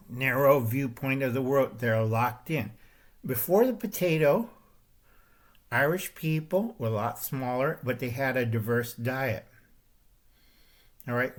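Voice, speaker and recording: An older man hosting his own channel, delivering a confrontational monologue and pressing his points with repeated "okay?" and "all right?". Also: mid-range voice. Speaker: channel host. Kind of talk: ranting monologue to camera.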